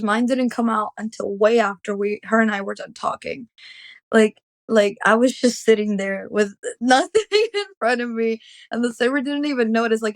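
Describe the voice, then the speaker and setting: A young woman's fairly high voice, recorded dry and close on a podcast mic. She tells a deeply personal story as an interview guest. Her telling is emotional and rambling, full of "like" and restarts. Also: no echo.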